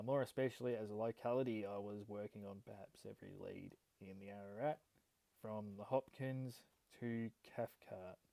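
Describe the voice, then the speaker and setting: An Australian man talks through a gold prospecting vlog in a casual, halting way, reading an old letter aloud. His voice is gravelly and mellow. The sound is close and dry. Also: medium pitch, no echo, low-quality recording. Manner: casual, hesitant, many ums and restarts.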